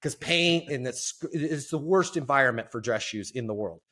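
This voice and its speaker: A man who is a podcast guest, telling a sales story in an animated way and acting out the quotes. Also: medium pitch, moderate pace. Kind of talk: storytelling interview.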